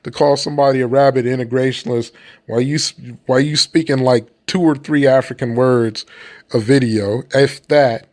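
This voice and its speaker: Male commentator, mid-pitched voice, blunt and profane, rambles loosely, casual opinion talk. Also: fairly even intonation, normal speed. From United States.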